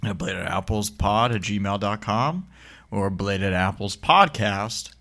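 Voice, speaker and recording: A man with a bright, clear voice hosts a casual podcast. He talks in a relaxed, offhand way and laughs often between lines. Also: fairly low pitch, slow pace. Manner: laid-back, laughs often. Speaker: podcast co-host.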